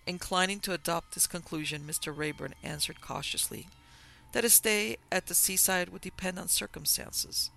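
A man narrating a classic novel as an audiobook in an even, formal storytelling manner. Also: high voice, normal speed, gravelly, faint music behind.

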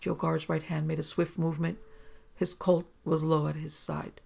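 A reader narrating a pulp detective story in an even, plain reading. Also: medium pitch, moderate pace, gravelly, breathy edge. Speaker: audiobook reader.

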